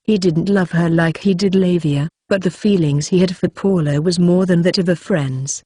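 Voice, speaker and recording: A woman reading a fantasy novel aloud in a steady, even storytelling manner. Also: fairly low pitch, moderate pace, hardly any pauses, breathy edge, dry recording, studio quality. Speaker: audiobook narrator. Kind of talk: scripted narration.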